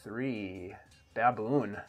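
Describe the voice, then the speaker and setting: A man's voice: fairly low pitch, extremely slow, dull audio, soft background music. A man running a tabletop game as game master, calling rolls and describing combat in an easygoing way.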